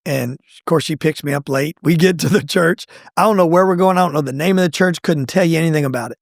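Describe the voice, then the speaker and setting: A middle-aged man telling his own faith testimony in a conversational, animated way, acting out what people said. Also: quick pace, vocal fry, no echo, clean studio sound. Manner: animated, acts out quoted lines with pitch jumps. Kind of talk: conversational storytelling.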